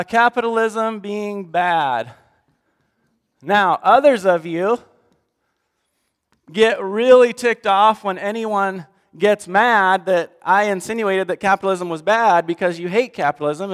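A man preaching a conversational sermon, talking straight to God and reading scripture aloud with big swings between loud and soft. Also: high voice, in a large hall. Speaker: pastor.

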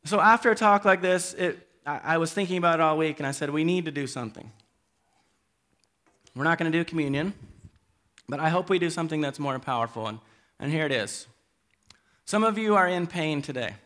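Earnest male pastor, fairly high-pitched voice, halting sermon delivery that pleads with the congregation. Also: a bit bright. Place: church hall.

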